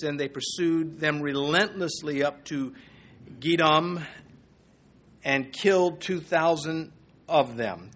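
A man's voice: on the high side, fairly bright tone. Casual, conversational man teaching scripture. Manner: conversational, reads scripture aloud then comments, with fillers and chuckles. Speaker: Bible teacher. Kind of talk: verse-by-verse Bible teaching.

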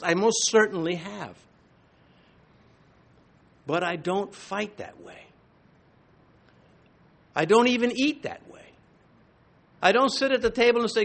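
A man's voice: sits high, fairly bright tone. A man preaching a sermon from the pulpit, emphatic and full of rhetorical questions. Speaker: pastor.

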